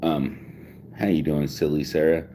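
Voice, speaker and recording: A man's voice: rumbling low, steady tone, unhurried, warm tone, slight background noise. A man in his forties talking casually at home, rambling with lots of swearing and restarts. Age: 40s. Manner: profane, rambling, restarts often. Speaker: vlogger.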